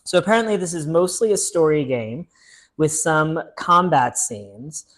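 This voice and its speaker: A man's voice: on the high side, unhurried, fairly bright tone. A man hosting a casual solo board game playthrough, chatting upbeat as he thinks aloud and reads the story text. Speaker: board game channel host.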